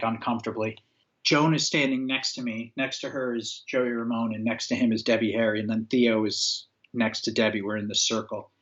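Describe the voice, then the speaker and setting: A man from upstate New York spins a long anecdote in easy, casual conversation. He acts out the voices of people in the story and leans on fillers. His voice sits mid-range, and the audio is dull and lo-fi. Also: mid-range voice. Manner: animated storyteller, acts out quotes, frequent fillers. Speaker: guest, former record label owner. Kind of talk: casual anecdote-telling interview.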